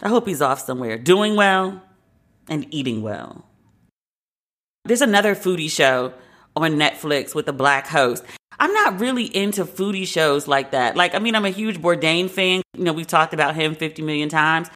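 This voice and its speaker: Bright-voiced woman podcast host, candid. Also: low voice, expressive, normal speed. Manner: candid, opinionated, conversational with occasional profanity. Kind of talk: casual commentary.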